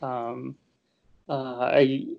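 A man in his thirties with a Southern US accent, speaking as a filmmaker guest in a casual interview and pausing often with fillers and restarts. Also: mid-range voice, little pitch movement, vocal fry. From American South. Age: 30s. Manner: hesitant, many fillers and restarts. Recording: muffled lo-fi audio.

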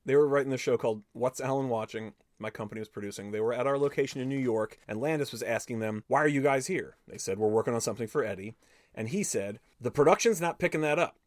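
A man hosting a podcast, reading an interview aloud with animated, profane storytelling and cutting in with his own comments. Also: mid-range voice, fast, dry recording. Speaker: podcast host.

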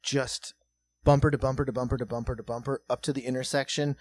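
A man in his thirties hosting a comedy podcast, telling a story casually with lots of swearing. He drops to a hush and then gets loud as it builds. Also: medium pitch, quick pace. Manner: profane, animated, swings between hushed and loud.

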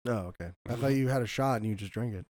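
A man co-hosting a podcast, teasing his friend and cutting in with quick questions in casual chat. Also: mid-range voice, a little mellow, no room sound. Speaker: podcast co-host.

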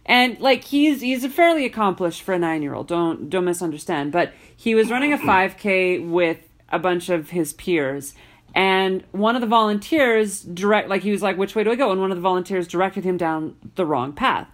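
A woman in casual podcast chat, telling a story with lively acted-out quotes. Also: on the low side, moderate pace, few pauses. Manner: animated storyteller, acts out quoted voices.

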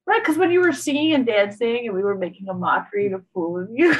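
Husky, teasing female co-host. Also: fairly high pitch, big pitch swings, quick pace, low-quality recording. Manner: teasing, playful. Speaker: podcast co-host. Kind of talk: casual chat.

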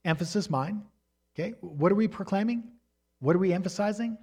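A man with a somewhat high voice preaches a sermon. His delivery is emphatic: he rises in pitch and volume to drive a point home, then drops low and quiet. He teaches from slides as he goes. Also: brisk, breathy edge. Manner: refers to slides while teaching. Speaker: pastor.

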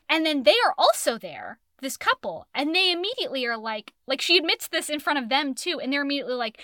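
A woman's voice: high-pitched, very animated, quick pace, few pauses, bright, forceful tone, no echo, studio quality. A young woman co-hosting a casual book chat, swearing freely and acting out the characters she quotes. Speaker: podcast co-host.

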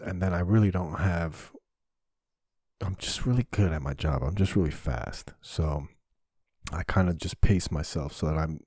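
This man, a comedian with his own podcast, speaks at a moderate pace in a low, husky, darkish voice with no room sound. His solo monologue, taped in a small home basement studio, is rambling, candid, profane and heavy on fillers.

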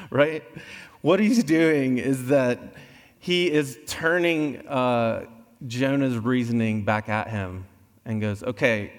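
A man's voice: mid-range voice, slow pace, pauses often. Male pastor preaching in a reverberant hall. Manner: conversational, animated scripture explanation. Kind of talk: sermon. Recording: long reverb of a large hall.

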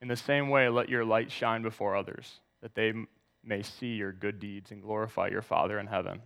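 A man's voice: lowish voice, steady tone, normal speed, gravelly, a bit bright, big-room sound. A man preaching a sermon, reading scripture aloud and asking the congregation to turn to verses. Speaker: pastor.

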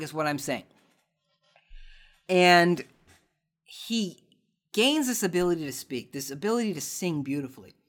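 A man's voice: on the high side, a bit bright. A man hosting a podcast, answering listener questions in a sarcastic, ranting casual chat. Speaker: podcast host.

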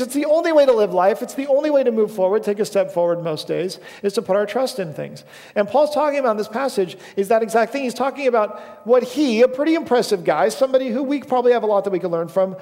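Young male pastor, slightly high and gravelly, loose self-deprecating storyteller preaching in a reverberant church. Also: a little mellow. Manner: casual storytelling, self-deprecating, with frequent fillers. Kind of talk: sermon. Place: church sanctuary.

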